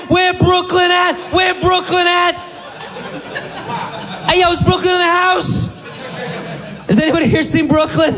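A man performing a stand-up routine with deadpan storytelling. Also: lowish voice. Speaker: stand-up comedian. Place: comedy club stage. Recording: hall reverb.

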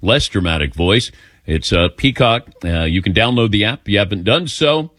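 A man hosting a sports radio show, running through the lineup in a relaxed, conversational way. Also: on the low side, normal speed, no room sound, clean studio sound. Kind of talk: casual sports radio talk.

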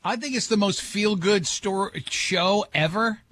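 A man's voice: high-pitched, unhurried, fairly bright tone. A man hosting morning radio, chatting loosely and joking with his co-hosts. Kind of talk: casual on-air banter.

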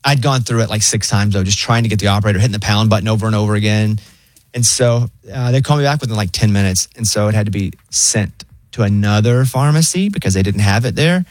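A man in his thirties hosting a casual talk show and telling stories in an animated way. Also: fairly low pitch, fast talker, dry recording. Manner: storytelling, animated retelling. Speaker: show host. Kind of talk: casual chat.

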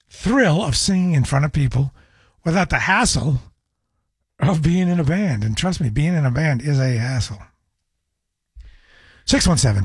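A middle-aged man hosting a casual call-in radio show, his voice hoarse and scratchy after a cold, rambling through anecdotes. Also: fairly high pitch, no echo, clean studio sound. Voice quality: raspy. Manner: rambling anecdotal storytelling with restarts. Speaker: radio host. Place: radio studio. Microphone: studio microphone.

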